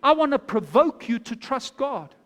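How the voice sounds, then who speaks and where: High-voiced pastor preaching. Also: male voice, very animated, normal speed, fairly bright tone, in a large hall. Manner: exhorting, storytelling. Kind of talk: sermon.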